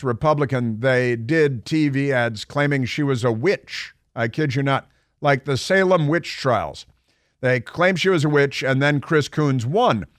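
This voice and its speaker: A man's voice: medium pitch, a bit bright, dry recording. A man hosting a talk radio show, delivering a combative, sarcastic monologue full of mocking rhetorical questions from a radio studio. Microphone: studio microphone.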